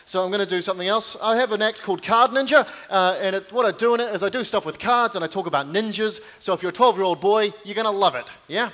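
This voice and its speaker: A young man with a New Zealand accent performs stand-up comedy on a live stage, with a slightly high voice. He keeps up a self-deprecating patter with deadpan asides to the crowd. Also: fast talker, few pauses. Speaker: comedian and card manipulation performer. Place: live venue stage with audience.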